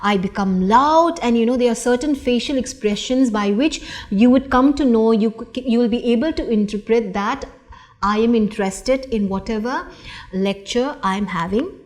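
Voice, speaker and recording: A middle-aged woman lecturing in a slightly high voice. She speaks slowly and deliberately, stopping often for fillers and restarting her sentences. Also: darkish tone. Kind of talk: recorded lecture.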